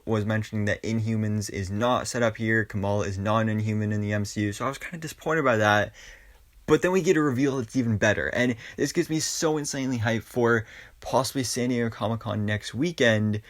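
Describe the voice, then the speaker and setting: A young man giving a chatty, excited episode review as a channel host, full of casual fillers. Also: medium pitch. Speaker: YouTube reviewer. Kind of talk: casual commentary.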